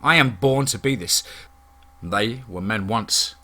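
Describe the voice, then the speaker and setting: A man narrating a first-person horror story in a steady, dramatic storytelling manner. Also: lowish voice, slow pace.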